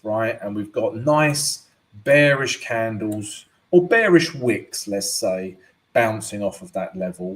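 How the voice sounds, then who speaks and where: A man hosting a live forex analysis stream, chatty and tagging most points with "right?". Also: lowish voice. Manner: chatty, keeps adding "right?". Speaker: forex trading host.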